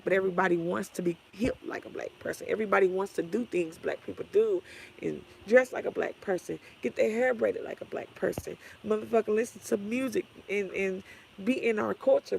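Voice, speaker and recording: A woman's voice: medium pitch, creaky, a little hiss or hum, rough recording. A woman ranting on her livestream, blunt, sassy and trash-talking. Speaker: vlogger. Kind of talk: profane ranting livestream talk.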